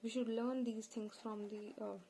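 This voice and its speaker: A woman from India with a Punjabi accent, hosting an informal spoken lesson in a slow, earnest, plain-spoken way. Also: on the high side, level tone, warm tone, slight background noise, poor audio. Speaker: channel host.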